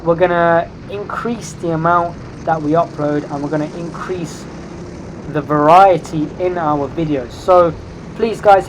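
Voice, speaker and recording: A woman giving excited, chatty commentary over her own racing game footage, correcting herself as she goes. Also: lowish voice, noisy background. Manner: excitable, rising and louder in tense moments; chatty, self-correcting asides. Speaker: sim racing video creator.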